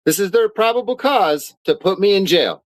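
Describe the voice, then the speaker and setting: An indignant man rants on a live stream from his home studio, swearing freely as he reads out legal papers. His voice sits a little high for a man, and the sound is dry and close with little room echo. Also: lively intonation, normal speed. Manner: indignant, swearing often, reads documents aloud. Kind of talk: angry live-stream rant.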